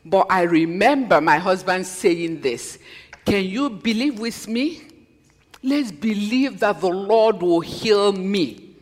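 A woman giving a personal testimony as a sermon, telling her story earnestly and then preaching with slow, stressed scripture quotes. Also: mid-range voice, expressive. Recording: long reverb of a large hall.

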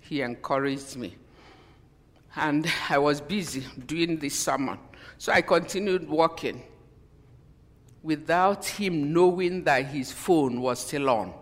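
Slow-spoken woman preacher in a reverberant hall. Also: low-pitched. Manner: emotional, repeats "you know", stops and restarts lines. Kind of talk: sermon, personal testimony.

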